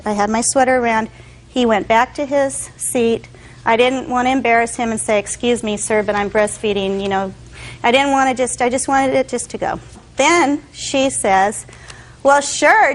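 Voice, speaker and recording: A woman's voice: on the high side, rough recording. A woman testifying in court, telling her story animatedly and acting out what others said. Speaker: defendant.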